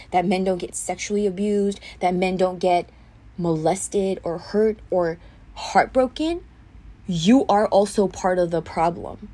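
A woman's voice: medium pitch, mellow. A young woman hosting a solo podcast, telling a story in a heated, indignant way, full of fillers and restarts. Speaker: podcast host.

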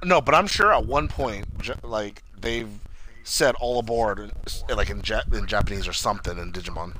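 Laid-back young man, bright voice. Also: fairly low pitch, moderate pace, slight background noise. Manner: laid-back, swears, calls his friend buddy. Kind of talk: casual chat.

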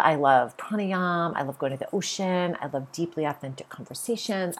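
Low, husky woman preaching love. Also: normal speed, hardly any pauses. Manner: earnest, repetitive, emphatic. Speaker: podcast host. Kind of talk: spiritual monologue.

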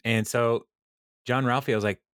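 A man's voice: medium pitch, steady tone, unhurried, fairly bright tone, no room sound, clean studio sound. A man hosting a podcast, chatting casually and laughing often, with plenty of ums. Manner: laughs often, lots of ums, reads out quotes. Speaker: podcast host recapping episodes. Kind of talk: casual chat.

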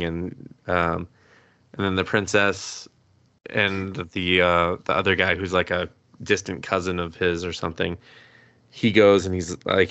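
A man's voice: lowish voice, a bit bright, no room sound. A man co-hosting a podcast, recapping an anime plot in a rambling, laughing, casual way with some swearing. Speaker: podcast co-host. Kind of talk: casual anime review chat.

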